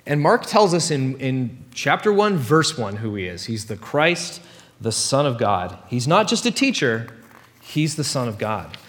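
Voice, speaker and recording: A man preaching a sermon as pastor, telling stories in a casual, animated way with playful asides. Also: medium pitch, unhurried. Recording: long hall reverb.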